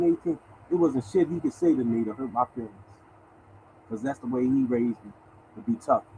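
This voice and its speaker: Speaking bluntly and swearing in a casual monologue, a lottery show host in his sixties addresses his viewers as "y'all" with animated energy. His voice is mid-range, and the low-quality recording carries slight background noise.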